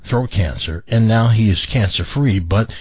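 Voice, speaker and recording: A man's voice: fairly low pitch, moderate pace, darkish tone, husky, no echo, highs cut off. A male radio talk show host chatting on air in a reflective, rambling way, full of restarts. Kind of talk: casual on-air chat.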